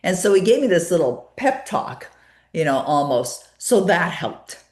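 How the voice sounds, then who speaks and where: Low-voiced woman telling a story. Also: a little slow, reverberant. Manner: storytelling, animated retelling with many fillers. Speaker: guest. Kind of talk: conversational interview.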